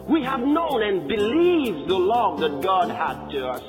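A male preacher with a very high, lively voice drives his sermon with repeated words and sudden shouts. His voice rings through a hall with a long tail. Faint music sits beneath him. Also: measured pace, few pauses.

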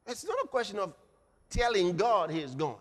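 A male preacher delivering a sermon, dramatic, swinging between hushed passages and shouted ones. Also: high-pitched, very animated, normal speed. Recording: reverberant hall.

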